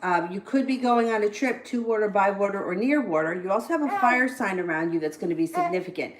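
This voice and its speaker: A woman's voice: medium pitch, expressive, fast, a crowd in the background, poor audio. A woman giving casual live-stream tarot readings, blunt and plain-spoken, swearing freely between cards. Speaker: tarot reader.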